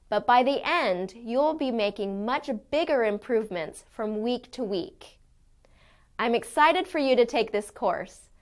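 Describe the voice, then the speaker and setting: A woman teaching an English pronunciation course, speaking in a clear, deliberate way as she models sounds. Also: on the high side. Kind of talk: scripted lesson.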